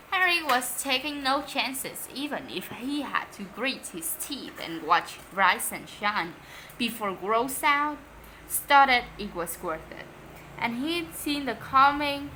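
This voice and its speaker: A woman reading a children's storybook aloud in English, lively and expressive, Vietnamese native speaker. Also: fairly high pitch, slight background noise, low-quality recording. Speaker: story reader.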